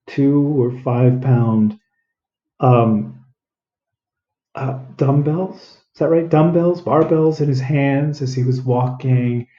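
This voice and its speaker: A man teaching a diction lesson, sounding out words slowly and deliberately, repeating them as he goes. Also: mid-range voice, warm tone. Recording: roomy, dull lo-fi sound.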